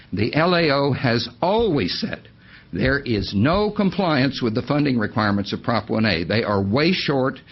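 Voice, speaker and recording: A man's voice: medium pitch, breathy edge, lo-fi sound. Emphatic man testifying at a meeting. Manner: emphatic, repeats key points. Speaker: public commenter at county meeting. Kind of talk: public testimony. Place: public meeting room.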